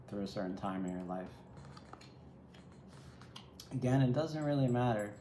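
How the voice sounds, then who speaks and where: A man with a low, mellow voice reads tarot cards on his own, musing aloud and talking straight to his viewer. His voice rings a little around an echoey room, with a faint hum of ambience underneath. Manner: musing, reflective, speaks directly to the viewer. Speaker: tarot reader. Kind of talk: solo tarot reading.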